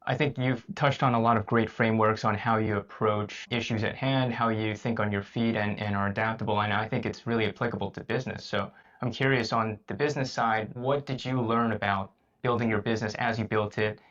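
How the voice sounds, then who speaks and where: A man hosting a podcast, asking a guest questions in a measured, affirming way. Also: on the low side, steady tone, fairly bright tone. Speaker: podcast host. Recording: slightly dull lo-fi audio.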